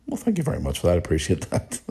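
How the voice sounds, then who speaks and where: Low-voiced, blunt Irish man. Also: wildly swooping pitch, racing, creaky, dark tone, slightly rough. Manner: blunt and outspoken, swears freely, chuckles often. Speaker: podcast host. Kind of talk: casual podcast chat reading listener messages.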